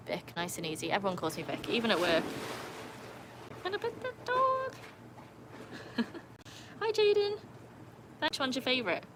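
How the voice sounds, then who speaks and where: A young woman hosting a casual live stream by a pool at night. She chats, laughs often and calls to her dogs in a high sing-song voice. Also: a bit bright, a little hiss or hum. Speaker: livestream host. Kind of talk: casual live-stream chat reading comments.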